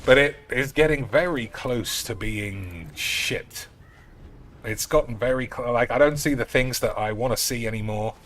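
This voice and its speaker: A man's voice: mid-range voice, unhurried, fairly bright tone. A man chatting casually and swearing freely while streaming a card game. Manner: rambling, sweary, offhand. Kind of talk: casual live-stream chat while gaming.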